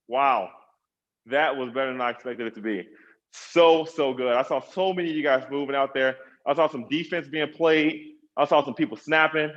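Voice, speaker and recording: A man's voice: a little high, a bit bright, dull audio. A man, a personal trainer, coaching an online workout class, encouraging people and counting down the reps.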